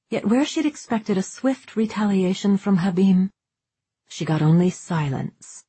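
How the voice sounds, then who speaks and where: A woman narrating a fantasy audiobook in a measured, unhurried storytelling manner. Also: mid-range voice, dark tone, breathy edge, dry recording.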